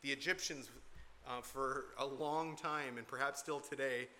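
A man's voice: medium pitch, fairly even intonation, measured pace, bright, forceful tone, a little hiss or hum. A man preaching an expository sermon from the pulpit, earnest and emphatic, repeating key points to drive them home. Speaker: pastor.

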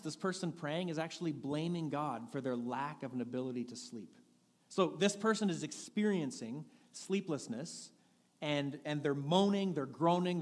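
A man's voice: a little high, long reverb tail. A man preaching a sermon as pastor, in a candid, conversational manner with frequent restarts. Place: church sanctuary.

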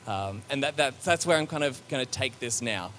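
A man's voice: medium pitch, expressive, a little fast, fairly bright tone. Guy giving a sermon, chatty and reflective, lots of ums and restarts, faint noise in the background. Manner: conversational, with many fillers and restarts; reflective and searching. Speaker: preacher.

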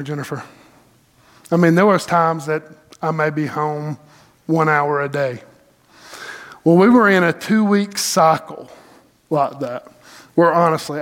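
A middle-aged pastor, preaching a sermon in an animated, folksy storytelling way with dramatic pauses. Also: male voice, fairly high pitch.

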